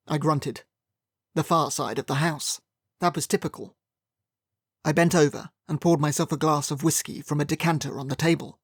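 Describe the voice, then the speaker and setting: Gravelly male audiobook narrator. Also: a little high, dry recording. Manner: dry, wry storytelling. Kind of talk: scripted first-person audiobook narration.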